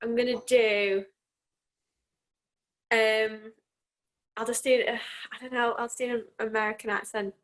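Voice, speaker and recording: A woman's voice: a little high, little pitch movement, measured pace, long pauses. A woman in her twenties, a children's entertainer, chatting casually and giggling between answers in an interview. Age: 20s.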